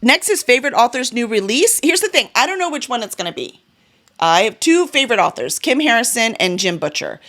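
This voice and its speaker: This casual vlog features a book vlogger and publisher sharing the books she plans to read. Her voice is a little high, sing-song and fairly bright, and she talks fairly quickly, chatty and enthusiastic, with fillers and small self-corrections.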